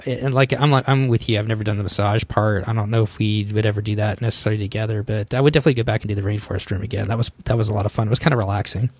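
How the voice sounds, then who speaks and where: Fast-talking podcast host man, dry sound. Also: fairly low pitch, steady tone, a little mellow, dry recording. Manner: quick and chatty, full of fillers. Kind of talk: casual chat.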